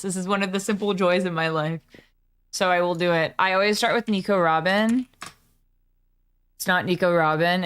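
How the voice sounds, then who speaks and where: A woman streamer in casual live-stream chat, chatty and excitable, swearing freely as she talks to her viewers. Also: lowish voice, clear, resonant tone.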